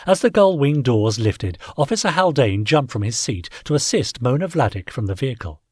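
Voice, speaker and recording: A man narrating a science-fiction audiobook in an expressive storytelling manner. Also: medium pitch, moderate pace, slightly rough, dry recording, studio quality. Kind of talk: scripted narration.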